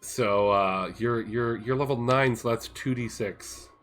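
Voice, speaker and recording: A man runs a tabletop game as game master, explaining the rules briskly and laughing often. His voice sits at a middling pitch. Soft music plays behind him.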